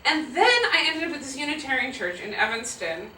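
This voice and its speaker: A woman in her fifties, a guest speaker answering audience questions, telling stories in an animated, laughing, self-deprecating way. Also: high-pitched, fairly quick, slight background noise. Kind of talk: live audience Q&A storytelling. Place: auditorium with audience. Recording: roomy hall sound from a distant mic.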